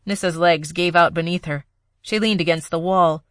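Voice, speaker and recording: Low-voiced woman reading an audiobook. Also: steady tone, normal speed, no room sound. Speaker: audiobook narrator. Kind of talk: scripted narration.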